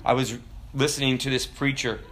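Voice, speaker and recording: A man preaching a sermon in a conversational, animated storytelling manner, with frequent asides to his listeners. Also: medium pitch, brisk, slight background noise.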